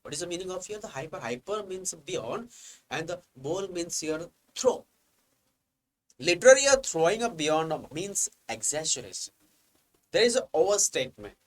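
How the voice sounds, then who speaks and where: A man teaching English grammar from slides, explaining step by step, asking himself "what happened here" and reading examples out slowly. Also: on the high side, very animated, poor audio. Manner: reads examples slowly, stressing key words. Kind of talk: slide-based grammar lecture.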